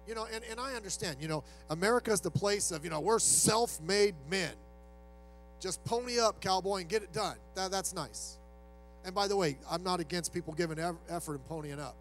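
A man's voice: sits high, a little fast, faint music behind, poor audio. A male pastor preaching a sermon in a loose, conversational way, acting out quoted voices as he goes.

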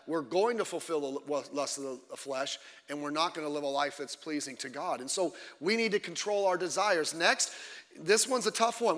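A man preaching a sermon as a pastor, emphatic and fiery, often breaking off into quick asides. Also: fairly high pitch, bright, forceful tone, big-room sound.

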